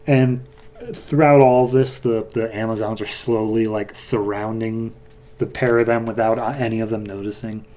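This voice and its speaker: A man's voice: lowish voice, steady tone, moderate pace, mellow. A man hosting a podcast, recapping a comic book in a loose, chatty way with fillers. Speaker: podcast host.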